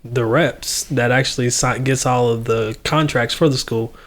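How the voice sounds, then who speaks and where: A young man, a podcast guest telling an animated, slangy story and laughing often. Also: medium pitch, moderate pace. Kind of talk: casual chat.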